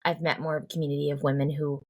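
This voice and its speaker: A woman's voice: deep voice, level tone, rapid-fire, darkish tone. A woman in her forties from the Boston area, a singer-songwriter guest talking earnestly and reflectively in an interview, with many fillers and restarts. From Cambridge, Boston area. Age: 40s. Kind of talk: heartfelt conversational interview.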